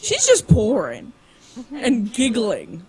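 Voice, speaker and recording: A woman whose voice runs high and swings widely in pitch tells a story to her friends. She slips into other people's lines as she tells it. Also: slow pace. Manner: animated storyteller acting out quotes. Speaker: tabletop game player. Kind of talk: casual anecdote among friends.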